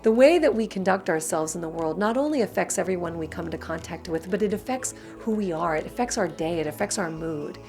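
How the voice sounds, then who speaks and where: A woman in a tips video, a communication coach talking straight to the viewer, chatty and expressive, acting out little scenes. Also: lowish voice, a little fast, hardly any pauses, soft background music. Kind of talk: direct-to-camera tips video.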